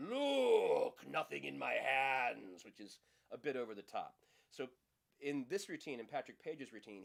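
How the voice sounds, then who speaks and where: A middle-aged magic teacher walks the viewer through a trick in a casual, hands-on demonstration. His middle-pitched voice swings through a very lively range, staying playful throughout, and he acts out audience lines in high voices.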